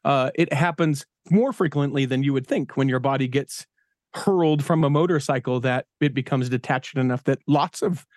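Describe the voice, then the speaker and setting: A man's voice: medium pitch, moderate pace, no echo, studio quality. A man, hosting a podcast and telling a story in casual chat, acting out the voices of people in it. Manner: animated storyteller, acts out quoted voices. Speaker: podcast host and DJ.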